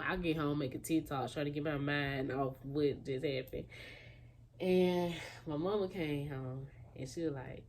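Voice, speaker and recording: Young woman telling a lively storytime. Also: sits low, slight background noise. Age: young adult. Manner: animated storytelling, acting out quotes. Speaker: vlogger. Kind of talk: casual storytime.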